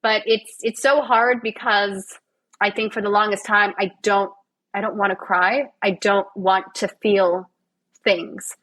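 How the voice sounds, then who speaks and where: A woman's voice: mid-range voice, little pitch movement, a little slow, fairly bright tone, poor audio. A woman, a physiotherapist and actor, guesting on a podcast in casual, self-mocking, sarcastic chat.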